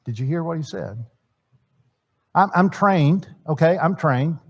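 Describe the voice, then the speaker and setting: Man, middle-aged, slightly high voice, chatty church seminar teaching. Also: lively intonation, unhurried, vocal fry. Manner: conversational, acts out quoted dialogue, repeats words. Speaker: marriage seminar speaker.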